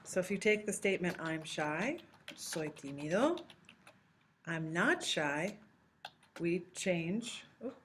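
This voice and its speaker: A woman teaching a recorded language lesson, explaining patiently step by step and slowing down to model example phrases. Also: lowish voice, expressive, a little hiss or hum. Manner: slows down to model Spanish phrases. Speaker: Spanish teacher.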